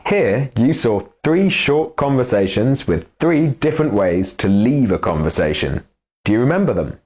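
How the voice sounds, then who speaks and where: A man teaching English in a scripted lesson, explaining lively and expressively. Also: medium pitch, moderate pace.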